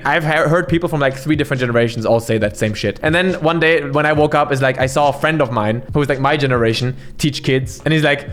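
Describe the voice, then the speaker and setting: A man's voice: brisk, few pauses. A man ranting bluntly and swearing a lot as he reacts to a video, with frequent restarts. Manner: lively pitch swings, restarts. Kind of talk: profane reaction commentary.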